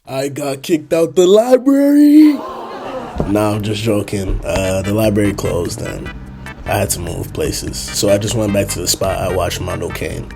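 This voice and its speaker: A man's voice: on the low side, unhurried, creaky. A man in a casual, joking aside to his viewers, chatty and laughing. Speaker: YouTuber. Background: background music.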